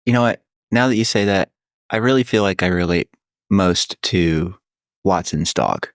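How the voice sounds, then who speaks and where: A man's voice: low voice, normal speed, dry recording, studio quality. A man co-hosting a podcast in casual chat, joking and teasing his partner. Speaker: podcast co-host.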